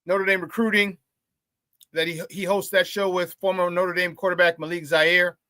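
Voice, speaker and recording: A male morning sports radio host talking in a loose, hyped-up, slangy way. His voice is fairly high and bright. He is recorded in a dry studio close to the mic. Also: moderate pace, no echo. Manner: energetic, slangy hype. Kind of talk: casual morning sports talk.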